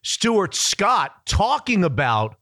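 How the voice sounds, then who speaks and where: A man co-hosting a casual chat, teasing his partner with quick asides. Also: high voice, big pitch swings, bright, forceful tone. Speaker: co-host.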